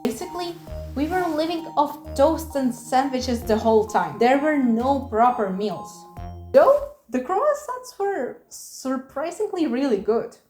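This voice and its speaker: A woman's voice: sits high, big pitch swings, unhurried, darkish tone, roomy sound, faint music behind. A young woman from Czechia narrating a storytime animation, chatty and lightly self-mocking. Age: young adult. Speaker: student animator and devlog narrator.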